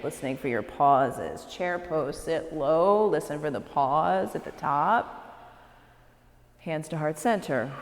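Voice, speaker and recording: A woman, a yoga teacher leading a live class with slow, calm cues and encouraging asides. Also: low voice, slight background noise. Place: yoga studio, large room. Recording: echoey studio recorded live from a distance.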